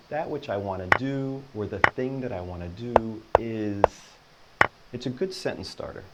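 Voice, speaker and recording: A man teaching a Spanish lesson, patiently explaining and repeating each example sentence slowly and encouragingly. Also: fairly low pitch, very noisy.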